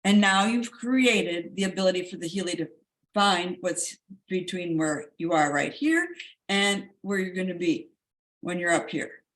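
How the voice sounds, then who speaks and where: A woman's voice: fairly low pitch, measured pace, a bit bright. A woman wellness coach talking emphatically and repeating key words for stress. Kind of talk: enthusiastic wellness talk.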